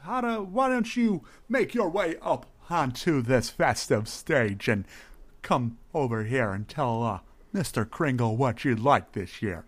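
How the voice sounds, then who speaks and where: A man voicing a pushy, jolly Santa in a fantasy bar, with a booming ho-ho laugh and a stammering, hammy delivery. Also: animated, measured pace.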